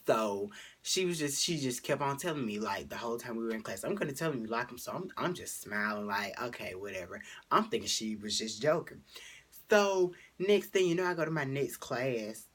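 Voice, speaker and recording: Teen boy vlogger, mid-pitch, breathy, rambling storytime delivery. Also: expressive, normal speed, a bit bright. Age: teenager. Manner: chatty, rambling storytelling with fillers; jumps high for quoted lines, drops to whispers. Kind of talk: casual storytime vlog.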